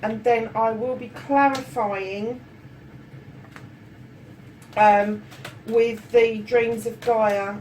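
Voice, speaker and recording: A woman's voice: a little high, steady tone, extremely slow, pauses often, darkish tone. A woman giving a casual tarot reading, chatty and affectionate, swearing freely and calling her viewers darlings. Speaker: tarot reader. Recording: slightly distant mic with faint room noise.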